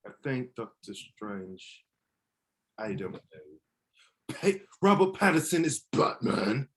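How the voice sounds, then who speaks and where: A man's voice: medium pitch, big pitch swings, slow pace. A man co-hosting a casual wrestling podcast who jokes around and swears, then laughs at himself. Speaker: podcast co-host.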